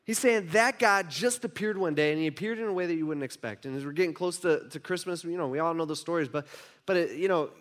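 A man in his thirties preaching a sermon, telling a family story with lively swings between hushed asides and emphatic outbursts. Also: fairly high pitch, quick pace. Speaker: pastor.

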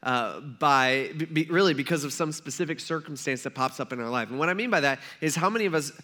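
A pastor preaches a sermon in a relaxed, conversational way, slipping into quoted voices as he tells the story. The man's voice sits high and sounds bright and forward. He keeps it lively and informal, with plenty of everyday fillers. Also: quick pace.

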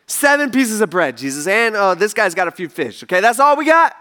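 A man's voice: very high-pitched, lively intonation, moderate pace, sharp tone, big-room sound, pitched above the performer's own voice, heavily acted. A man voicing a group of panicky, bewildered male disciples who plead frantically. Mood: flustered.

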